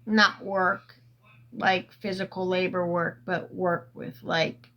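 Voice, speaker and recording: A woman hosting a casual livestream, telling a long story into her phone in a rambling, halting way with lots of fillers and swearing. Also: on the low side, little pitch movement, a bit bright, poor audio. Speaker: livestream host.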